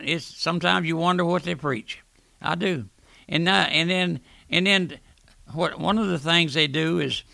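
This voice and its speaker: A man's voice: fairly high pitch, gravelly, sharp tone, dry recording. An older man preaching a radio sermon, earnest, often restarting words and calling the listener "my friend".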